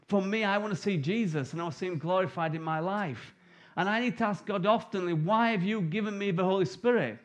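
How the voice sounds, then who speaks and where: A middle-aged man preaching a sermon, telling the story vividly and acting out the disciples' lines in quick asides. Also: high-pitched, muffled recording.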